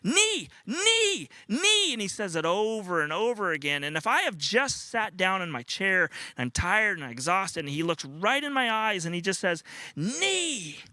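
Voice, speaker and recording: Earnest high-voiced older pastor. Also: male voice, animated, normal speed, hardly any pauses, pushed and bright, no echo. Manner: earnest storytelling, acts out a toddler's cries. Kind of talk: sermon.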